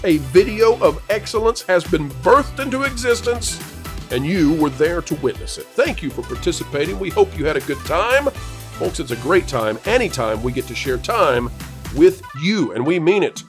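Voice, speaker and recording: A man hosting a casual online panel chat, mocking and animated, ending with a showman-style sign-off. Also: high voice, moderate pace, soft background music. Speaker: host.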